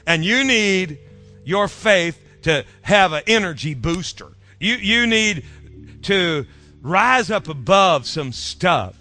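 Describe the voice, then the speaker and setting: A man preaching a sermon as pastor, in a rhythmic style that drops soft at phrase ends and leads the congregation in repeating lines. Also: sits high, animated, slow pace, soft background music. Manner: leads congregation in call-and-response.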